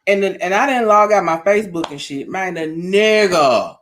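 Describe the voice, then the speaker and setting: A man in casual podcast chat, telling stories in a blunt, profane, animated way. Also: sits high, moderate pace, slight background noise.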